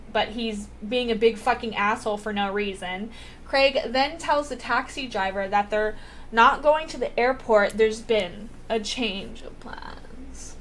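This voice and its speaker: A woman's voice: a little high, a bit bright, a little hiss or hum. A woman vlogger recapping a TV episode in a casual, rambling way, with lots of filler words and swearing.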